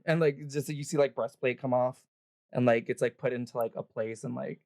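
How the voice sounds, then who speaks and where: A dungeon master narrates a livestreamed tabletop session in a loose, chatty way, filled with fillers, laughs and swearing. The voice is medium-pitched, fairly even and brisk, a little mellow, in studio quality with no echo.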